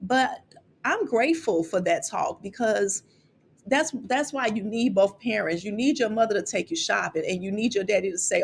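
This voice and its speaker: A woman's voice: medium pitch, normal speed, gravelly, a little hiss or hum. A middle-aged woman from Chicago candidly recounting her college years, getting emotional and repeating words as she talks. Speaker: college financial aid vlogger. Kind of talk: personal storytelling to camera.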